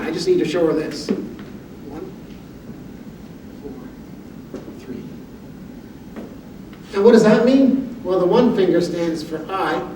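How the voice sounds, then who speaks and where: A man giving a motivational talk, telling humorous personal stories with an animated, self-deprecating delivery. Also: fairly high pitch. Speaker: motivational speaker. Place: university lecture hall. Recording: echoey hall audio from far off with background noise.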